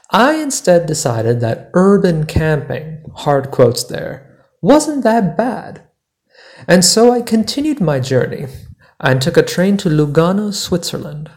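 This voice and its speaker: A man hosting a podcast, narrating a personal travel story in a measured, deliberate way. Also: on the high side, a little mellow. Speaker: podcast host.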